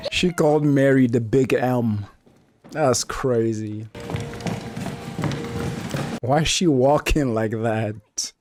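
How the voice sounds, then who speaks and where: Slow-talking man reacting and laughing. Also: mid-range voice, over music. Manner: joking, laughs often at the show. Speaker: reaction channel host. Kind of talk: casual reaction commentary.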